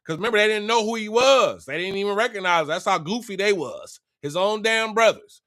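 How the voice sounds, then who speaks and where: A man retelling a Bible story in a casual, slangy and animated way. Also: sits high, fairly quick.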